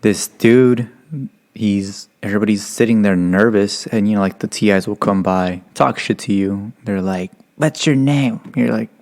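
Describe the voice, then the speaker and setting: A man's voice: on the low side, steady tone, moderate pace. A young man casually telling a rambling, profane story as a podcast guest. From United States. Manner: profane, rambling, acts out drill instructors' yelling.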